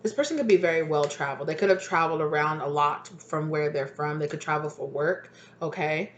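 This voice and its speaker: Low-voiced chatty woman reading tarot. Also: fairly quick, highs cut off, slight background noise. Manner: chatty, rambling, many fillers. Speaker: tarot reader. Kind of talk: casual tarot reading monologue. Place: home.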